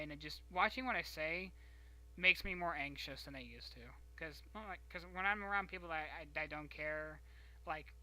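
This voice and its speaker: A young man hosting a casual stream, telling a rambling story with many restarts and halting pauses. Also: fairly high pitch, pushed and bright, poor audio. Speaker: stream host. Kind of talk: casual chat.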